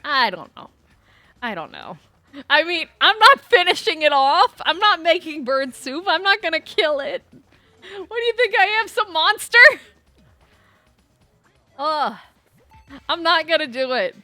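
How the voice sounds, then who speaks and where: A woman streaming a video game, chatting casually with viewers and telling rambling, animated stories with bursts of swearing. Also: extremely high pitch, measured pace, pauses often, no echo, soft background music. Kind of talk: casual gameplay chat.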